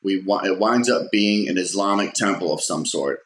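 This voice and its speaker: A man's voice: low voice, normal speed, fairly bright tone. A man casually telling a personal story, rambling with fillers and restarts and acting out quotes in a raised voice. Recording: roomy echo.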